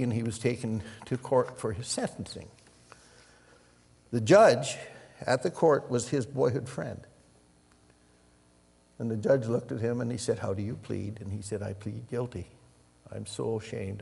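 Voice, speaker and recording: Gravelly older male preacher in a reverberant hall. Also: medium pitch. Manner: storytelling, swings from loud emphasis to hushed near-whispers. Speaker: pastor. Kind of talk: sermon.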